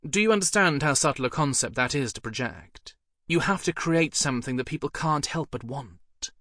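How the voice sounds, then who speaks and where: A man's voice: a little high, animated, moderate pace, a bit bright, no room sound, studio quality, pitched above the performer's own voice. A man voicing an aloof, elegant female agency head with a bored cut-glass upper-class English accent. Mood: lecturing.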